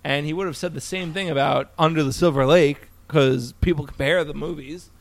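A man's voice: a little high, fairly even intonation, fairly quick, no room sound. A man co-hosting a film podcast, ranting casually with lots of swearing and jokes. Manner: profane, ranting, jokey. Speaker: podcast co-host.

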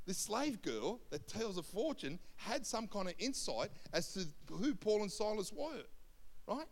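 A man, a senior pastor telling a Bible story in a sermon, acting out the voices of people in it. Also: fairly high pitch. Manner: animated storyteller, acts out voices in quotes. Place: church hall. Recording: long hall reverb.

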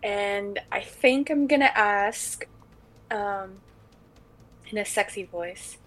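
A woman's voice: mid-range voice, slow, long pauses, a bit bright, rough recording. A woman playing in a tabletop game, talking hesitantly with frequent fillers. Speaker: player.

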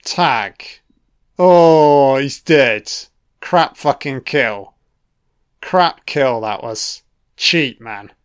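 A man's voice: medium pitch, lively intonation, drawn-out words, clear, resonant tone. A man giving casual audio commentary on a film, with profane, sardonic running reactions.

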